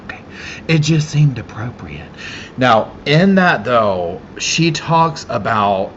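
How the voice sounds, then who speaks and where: A chatty man with a Southern accent hosts a casual livestream, calling out viewers by name and laughing easily. His voice swings widely up and down in pitch. The audio is a bit dull and lo-fi, with a faint hiss underneath. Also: big pitch swings, normal speed, a bit bright. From Carolinas, US South. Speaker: livestream host. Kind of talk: casual live-chat livestream.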